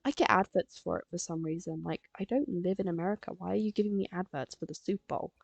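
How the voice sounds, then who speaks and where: This teenage girl from England talks fast and casually while she draws live, wandering from thought to thought with frequent fillers. Her voice sits on the low side, gravelly and slightly rough, with a darkish tone, in a dry recording.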